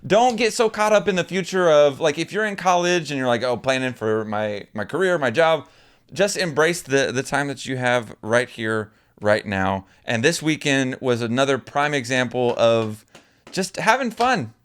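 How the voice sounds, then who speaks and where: Young male podcast co-host, earnest, reflective, smooth-toned, casual chat. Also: medium pitch, lively intonation, normal speed, a bit bright. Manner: earnest, reflective, rambling with fillers.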